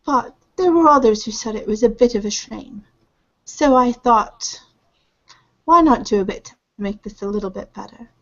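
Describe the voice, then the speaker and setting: A woman voicing a measured mysterious lady. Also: on the high side, fairly bright tone. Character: a mysterious lady speaking of the city. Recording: dull lo-fi recording.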